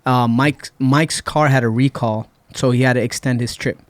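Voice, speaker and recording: Speaking at a normal speed in a mid-range voice, a man from Puerto Rico guests on a podcast, recorded in a studio without echo. He's relaxed as he tells a lengthy story, quoting and acting out what others said.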